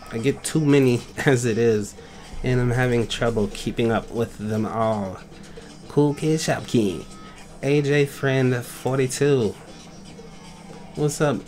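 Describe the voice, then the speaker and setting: Slow-talking playful male gaming host. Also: mid-range voice, a little mellow, faint music behind. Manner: playful and goofy, gushing over viewers' art. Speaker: YouTube game channel host. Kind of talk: casual commentary reviewing fan art.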